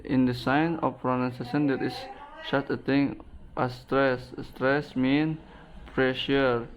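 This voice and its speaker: A man with an Indonesian accent reading out a class presentation, halting and restarting words often. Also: mid-range voice, smooth. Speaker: student presenter. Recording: dull lo-fi recording.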